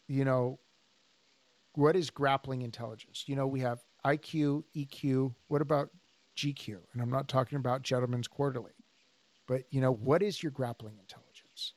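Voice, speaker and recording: A man co-hosting a podcast as a jiu-jitsu instructor, telling stories in a casual, animated way and acting out the people he quotes. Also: mid-range voice, no room sound. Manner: animated storyteller, acts out quoted dialogue.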